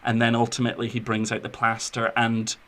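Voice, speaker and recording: A man's voice: mid-range voice, monotone, a little fast, bright, forceful tone. A man hosting a podcast, gushing about films in a rambling, casual way with lots of fillers. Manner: effusive, rambling with fillers and restarts. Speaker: podcast host. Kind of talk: casual film discussion.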